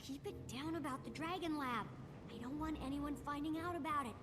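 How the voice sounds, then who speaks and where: A woman's voice: sits high, fairly quick, over music, natural voice. A woman voicing an eager, playful young genius in a video game. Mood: upbeat. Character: bubbly young female gnome-like genius.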